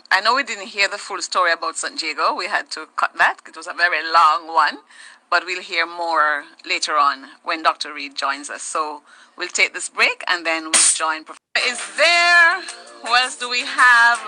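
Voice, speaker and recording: A woman hosting a talk show, chatting lively and laughing now and then. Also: mid-range voice, no room sound, low-quality recording. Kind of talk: casual interview chat.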